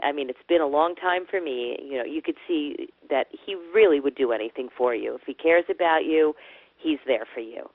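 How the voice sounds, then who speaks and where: A woman's voice: low voice, brisk, no room sound. A woman from New Jersey, a former radio personality, chatting as a guest and laughing easily. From New Jersey, USA. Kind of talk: phone-in interview chat. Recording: tinny phone line, dry.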